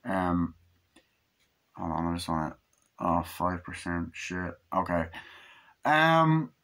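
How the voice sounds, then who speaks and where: A man's voice: sits low, sing-song, slow, fairly bright tone. A man in his twenties reviewing a movie into his phone, rambling and swearing, with lots of fillers. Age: 20s. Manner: rambling, profane, full of fillers. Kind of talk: casual movie review monologue.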